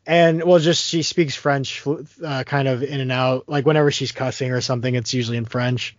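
A man's voice: mid-range voice, steady tone, fairly quick, dry recording. Chatty man with a dry, dull sound. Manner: rambling, many fillers and restarts. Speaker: podcast co-host. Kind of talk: casual movie discussion.

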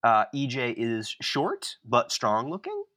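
A man co-hosting a podcast, telling a comic story in an animated, self-mocking way. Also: mid-range voice, takes it slowly. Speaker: podcast co-host.

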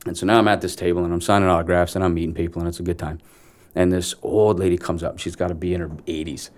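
A man in his forties, an actor guest, telling stories earnestly in an interview, with halting restarts. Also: low-pitched, little pitch movement. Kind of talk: conversational storytelling interview.

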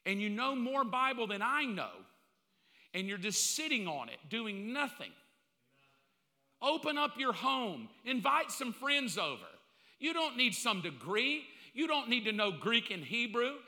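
A male pastor preaches bluntly and with great animation, his high, very bright voice swinging widely in pitch. He breaks into little acted-out exchanges. A long reverb carries his voice through a large sanctuary. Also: big pitch swings, measured pace. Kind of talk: sermon.

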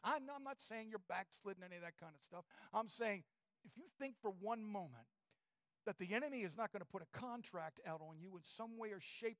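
A male preacher giving a fervent sermon in a church, swinging from shouts to near whispers. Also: high voice, lively intonation, quick pace.

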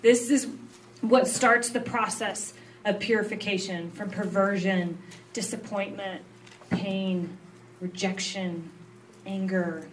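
Brief: woman preaching a sermon, earnest and confessional, mid-range pitch, picked up from a distance with faint noise. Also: fairly even intonation, slow pace. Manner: earnest, confessional, mixes quiet lows with emphatic rises. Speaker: pastor's wife.

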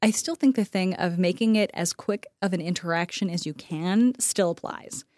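An American woman talks through a relaxed podcast conversation, full of fillers and quick laughs. She slips into playful voices whenever she quotes someone. The sound is dry and close, with no room around it. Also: on the low side, dry recording. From United States. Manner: animated, acts out quoted dialogue in shifting voices; laughs often, filler-heavy. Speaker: podcast co-host. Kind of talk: casual chat.

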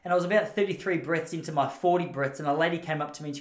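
An Australian man rattles through a rambling, self-deprecating story in a casual monologue. His voice sits a little high and moves quickly, and it bounces around a roomy, echoey space. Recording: roomy echo.

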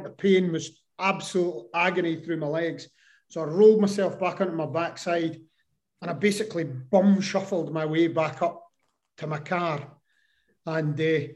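A man as an interview guest, telling a personal story in an animated way and acting out the voices he quotes. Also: high-pitched.

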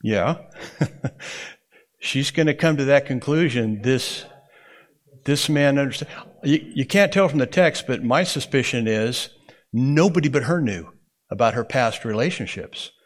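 A man's voice: medium pitch, lively intonation, a little slow, long pauses. A man teaching a Bible interpretation class to students in a classroom. He talks conversationally and keeps checking in with "okay?".

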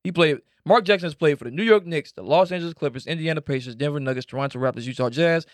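A man co-hosting a sports podcast, teasing and animated in casual chat. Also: fairly high pitch, fast, no echo. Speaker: podcast co-host.

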